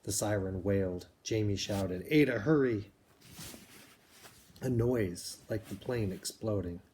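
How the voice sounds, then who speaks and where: A man with a fairly low voice reads a novel aloud, steady and measured, now and then stepping out to explain things plainly. A faint background noise sits under his voice. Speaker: reader.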